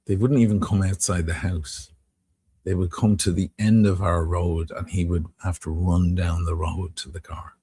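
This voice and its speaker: A man's voice: deep voice, flat delivery, normal speed, dark tone, breathy edge, dry recording. A middle-aged man from Dublin with a Dublin Irish accent, telling rambling, profane stories and answering viewers on a live stream. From Ireland. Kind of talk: casual live-stream storytelling.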